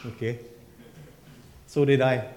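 A man's voice: medium pitch, steady tone, takes it slowly, a little mellow, slight background noise. Emphatic preaching man in an echoey hall. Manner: emphatic preaching with repeated refrains. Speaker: pastor. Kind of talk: sermon.

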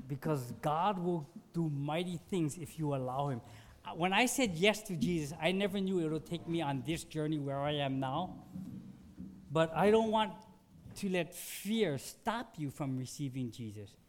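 Conversational pastor with a lilt. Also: male voice, a little high, expressive, measured pace. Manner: conversational storytelling, swings from hushed to emphatic. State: sore after surgery. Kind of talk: sermon.

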